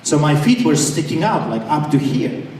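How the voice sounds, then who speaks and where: A man's voice: on the high side, sing-song, normal speed, a little mellow, slight background noise. A man preaching an impassioned sermon as a pastor, fiery and defiant with mocking asides. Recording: echoey hall, far from the mic, faint ambience.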